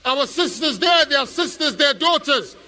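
High, bright-voiced man rousing a rally. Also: lively intonation, a little slow. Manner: fervent, shouts call-and-response questions to the crowd. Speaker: speaker at a protest rally. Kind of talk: impassioned rally speech. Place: outdoor street protest. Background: crowd responding.

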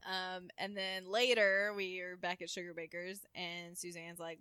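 A woman's voice: on the low side, a little slow, clear, resonant tone, dry recording. A woman co-hosting a casual podcast, recapping a television episode and slipping into the characters' lines as she goes. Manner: animated retelling, voicing characters in quotes. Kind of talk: casual chat.

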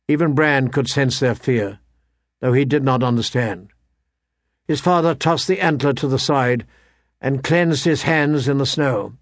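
A man narrating a fantasy novel as an audiobook, measured and expressive. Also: mid-range voice, dry recording, clean studio sound.

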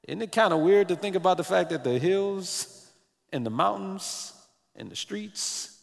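A man preaching a sermon as pastor, animated, sometimes breaking into snatches of song, with his morning voice. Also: sits high, vocal fry, in a large hall.

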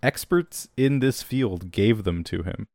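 A man co-hosting a casual podcast recap, deadpan with crude jokes. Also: fairly low pitch, slow, dry recording, clean studio sound. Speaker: podcast co-host.

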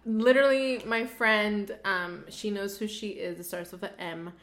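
A woman's voice: mid-range voice, normal speed, a bit bright. A young woman co-hosting a casual chat podcast, playful and teasing. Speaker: podcast co-host.

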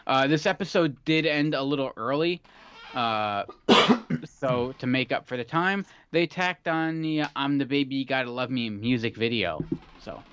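A man's voice: mid-range voice, normal speed, fairly bright tone, a little hiss or hum. A man co-hosting a podcast, chatting in an easygoing, enthusiastic way. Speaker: podcast co-host. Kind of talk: casual chat. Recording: dull dry podcast mic.

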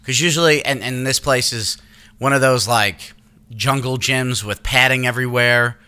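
Casual podcast host, man in his thirties, crisp bright tone, profane and animated storyteller. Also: medium pitch, normal speed. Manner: animated, profane, acts out quotes in raised voice.

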